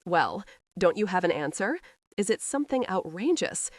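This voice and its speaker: Smug teasing young guy on horseback, woman reads him, lowish lively voice, dry close sound. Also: moderate pace, no room sound. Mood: needling. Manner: mocking, needling. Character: brash young male horseman, teasing and arrogant.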